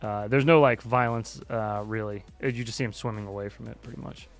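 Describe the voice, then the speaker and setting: Speaking briskly with vocal fry, a livestream host with a fairly low voice and fairly even intonation chats loosely while flying a drone simulator. He wanders in his talk, swears frequently, and faint music plays in the background.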